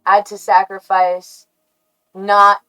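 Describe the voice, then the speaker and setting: An American woman hosting a livestream, chatting to her viewers in a rambling, halting way that keeps correcting itself and breaks into giggles. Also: medium pitch, monotone, a bit bright, clear, resonant tone, faint music behind, poor audio. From United States. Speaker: livestream host. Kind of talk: casual stream chat to viewers.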